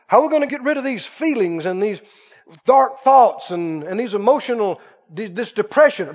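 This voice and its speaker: A man preaching a sermon as pastor, emphatic and repetitive, swinging between loud bursts and quiet asides. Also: high voice, lively intonation, moderate pace. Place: church sanctuary. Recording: muffled church recording with long reverb.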